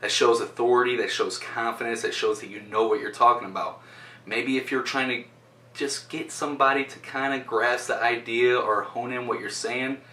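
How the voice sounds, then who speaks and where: A man giving an instructional talk on presentation skills, speaking directly and shifting his loudness for emphasis. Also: mid-range voice, steady tone, moderate pace. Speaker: presentation coach. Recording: roomy sound from a distance.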